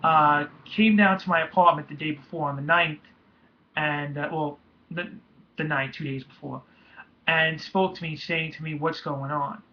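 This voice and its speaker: A young man tells a painful personal story in a slightly high voice. He is halting and emotional and often restarts his sentences. The recording is dull and lo-fi. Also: steady tone. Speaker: vlogger.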